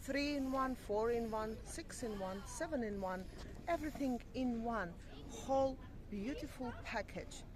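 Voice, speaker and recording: A woman with a fairly high voice speaks very slowly, stretching her words out in a playful, teasing way. She is recorded outdoors on a camera mic at a harbour, with clear outdoor noise behind her. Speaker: vlog co-host. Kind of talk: casual vlog chat.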